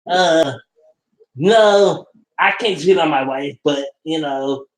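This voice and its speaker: A man doing a mocking impression of a slow, smug, rambling male sports radio host. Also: on the high side. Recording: roomy echo.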